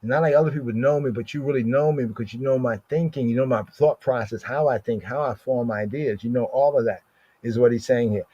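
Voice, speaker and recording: A man's voice: mid-range voice, a little fast, warm tone, breathy edge, no echo. A man teaching scripture on a livestream, repeating words again and again and checking in with "right?" after nearly every phrase. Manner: repeats words over and over, asks "right?" constantly. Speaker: Bible study teacher. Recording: dull lo-fi stream audio.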